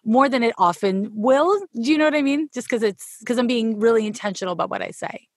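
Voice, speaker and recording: A woman's voice: on the high side, animated, a little fast, slight background noise. A woman from Canada with a Canadian accent, chatting casually as an interview guest and laughing often. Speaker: podcast guest, astrologer.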